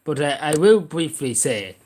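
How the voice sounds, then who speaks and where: A man's voice: fairly high pitch, animated, moderate pace, a little mellow. A man hosting a casual livestream, rambling and sarcastic, with jokey asides. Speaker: livestream host.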